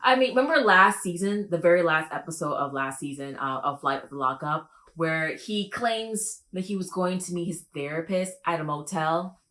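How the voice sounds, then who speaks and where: A woman vlogger giving a casual, gossipy reaction to a show, profane and opinionated. Her low voice jumps up sharply whenever she gets excited. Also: normal speed. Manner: animated, with big pitch jumps. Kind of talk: reaction video commentary.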